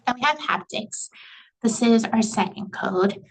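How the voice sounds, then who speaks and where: A woman's voice: fairly high pitch, expressive, unhurried, gravelly, rough recording. A woman instructor giving a recorded lecture in a casual, conversational way, with lots of "you know" and "right".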